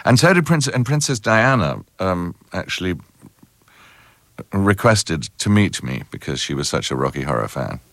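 A man's voice: low-pitched, normal speed, gravelly, no echo. A middle-aged English man with a British accent, an actor interviewed on radio, telling stories with frequent ums and hesitations. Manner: anecdotal, hesitant with many ums, animated storytelling.

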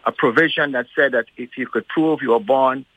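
A male radio guest recounting local history, speaking deliberately slowly with many ums and uhs. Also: medium pitch, slightly rough. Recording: tinny phone line.

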